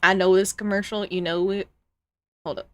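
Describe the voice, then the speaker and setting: A woman streams a casual live reaction with a rambling, giggly, exclamatory way of talking. Her voice sits at a middle pitch. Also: little pitch movement, moderate pace, fairly bright tone, dry recording.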